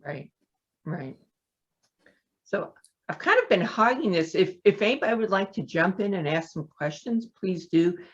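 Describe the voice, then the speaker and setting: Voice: medium pitch, very animated, moderate pace, long pauses, slightly rough, highs cut off. A moderator on a video call politely inviting questions from the group. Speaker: meeting moderator.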